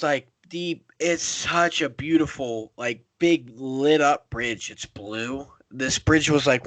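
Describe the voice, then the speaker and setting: A man's voice: mid-range voice, a bit bright, no room sound. A young man from the Pittsburgh area hosting a casual podcast, telling a rambling, profane road-trip story. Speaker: podcast host.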